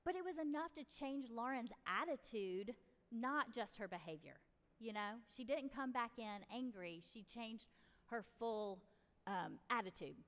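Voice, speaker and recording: A woman's voice: a little high, lively intonation, a little slow, a bit bright. Chatty woman in echoey room. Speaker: parenting advice speaker. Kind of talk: casual advice talk. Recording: reverberant room.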